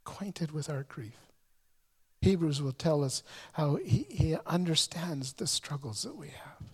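A man's voice: fairly high pitch, lively intonation, measured pace, breathy edge. A male pastor preaching a sermon, telling a story earnestly and often stumbling over repeated words.

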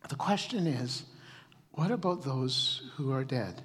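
A man preaching a sermon as pastor, animated, often repeating words as he starts a sentence. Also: mid-range voice, slow pace, slightly rough, long reverb tail.

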